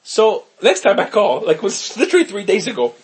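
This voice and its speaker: A man with a hoarse, worn-out voice, chatting casually as a podcast co-host and telling stories with lots of laughter and swearing. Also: sits high, brisk. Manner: animated storyteller, laughs often, swears freely. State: hoarse, voice going. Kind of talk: casual chat.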